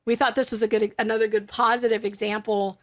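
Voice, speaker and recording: A woman's voice: on the high side, level tone, quick pace. Thoughtful middle-aged woman co-host. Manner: thoughtful, explanatory, with frequent fillers. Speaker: podcast co-host. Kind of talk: casual faith podcast chat.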